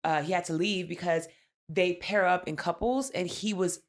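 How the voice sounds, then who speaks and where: Woman podcast co-host, casual recap, blunt and profane, animated storyteller. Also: lowish voice, normal speed. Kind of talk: casual chat, recapping a reality show.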